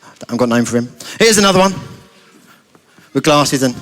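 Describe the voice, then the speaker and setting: A man's voice: medium pitch, lively intonation, a little fast, a bit bright. A man telling a playful story to children during a family church service.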